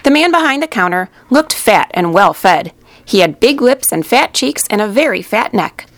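A woman reading a children's storybook aloud in a gentle, expressive way, with a slightly gravelly voice. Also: mid-range voice, moderate pace, no room sound. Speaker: narrator.

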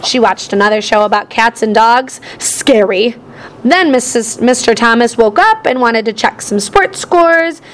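A woman's voice: on the high side, measured pace. A woman narrating a children's storybook in the first person, reading expressively. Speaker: audiobook narrator.

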